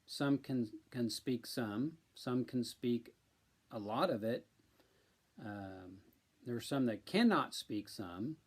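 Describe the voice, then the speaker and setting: A man from central Illinois, chatting casually on a live stream and speaking slowly and deliberately with many ums. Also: mid-range voice, expressive. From central Illinois, USA.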